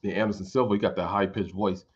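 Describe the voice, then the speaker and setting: A man's voice: low-pitched, steady tone, quick pace, slightly rough, highs cut off. A man vlogging casual fight commentary in a rambling, informal way with some swearing.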